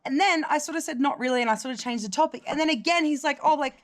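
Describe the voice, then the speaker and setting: A woman's voice: high-pitched, fast talker. A young Australian woman vlogger telling a story in casual chat, swearing and acting out what others said. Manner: animated, sweary, quotes people in other voices.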